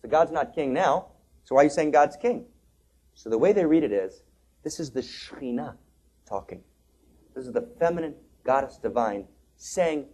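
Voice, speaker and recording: This male spiritual teacher has a fairly high, expressive voice. In his lecture he narrates a story dramatically, swinging between quiet asides and loud bursts, and chants liturgical lines at a slow pace.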